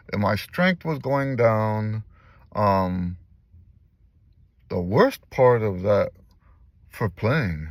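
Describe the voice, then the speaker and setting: A man's voice: on the low side, vocal fry, dry recording. An older man, talking in a casual personal vlog and speaking earnestly, repeating phrases for emphasis. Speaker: vlogger and musician. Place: in a car.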